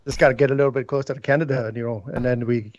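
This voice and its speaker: A calm, soothing man from North Dakota with a North Dakota accent, a guest on a live stream. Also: medium pitch, racing, no echo, lo-fi sound. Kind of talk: casual chat.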